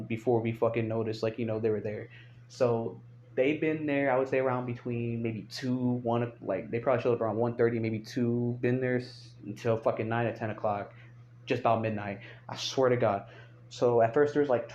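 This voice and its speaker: A man's voice: mid-range voice, darkish tone, slight background noise. A young man telling a rambling, profane story in casual speech, recorded on a phone. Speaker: storyteller vlogger. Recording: dull lo-fi phone audio.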